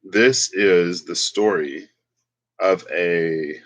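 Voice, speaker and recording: A man with a low voice gives a casual tarot reading on his own. He talks slowly and rambles, thinking aloud as he works through the cards. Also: a bit bright, rough recording. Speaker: tarot reader.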